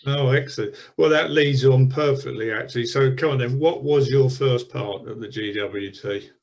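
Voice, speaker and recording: A man's voice: mid-range voice, normal speed, a little mellow, highs cut off. Friendly man interviewing. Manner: friendly, encouraging, laughs easily. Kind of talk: conversational interview.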